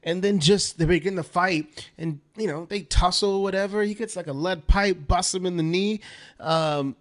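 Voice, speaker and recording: A man on a movie podcast panel retells a scene in casual, joking chat, slipping into the characters' lines. His voice sits slightly high for a man. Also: moderate pace.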